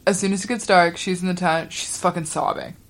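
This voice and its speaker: Brief: young woman host, casual, wry, a little low-pitched, swears freely. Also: fairly even intonation, a little fast. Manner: chatty, profane, wry. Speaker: podcast host. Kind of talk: casual storytelling.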